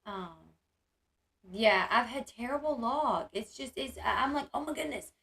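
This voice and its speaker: A woman's voice: a little high, expressive, measured pace, a bit bright. A woman, chatting casually on a livestream and reading her chat aloud, with lots of "like" and "um". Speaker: streamer.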